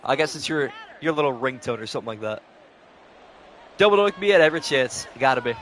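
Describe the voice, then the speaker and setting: A man's voice: mid-range voice, lively intonation, brisk, a bit bright, slight background noise. A young man calling play-by-play on a live stream, switching between announcer-style calls and casual chat with viewers, short on sleep.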